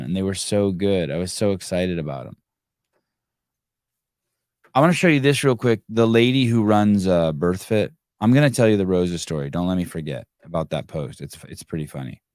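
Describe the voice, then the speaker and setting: A man's voice: on the low side, darkish tone, clean tone, no echo, clean studio sound. A middle-aged man hosting a podcast, rambling in casual talk and swearing freely when he gets frustrated. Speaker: podcast host. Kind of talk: casual live show monologue.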